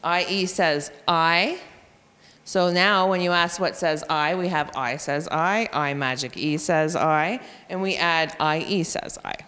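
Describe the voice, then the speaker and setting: Reading teacher in an echoey hall. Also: female voice, sits low, unhurried, few pauses, fairly bright tone. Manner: explanatory, sounds out letters and spellings. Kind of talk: professional development talk to teachers. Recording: long hall reverb.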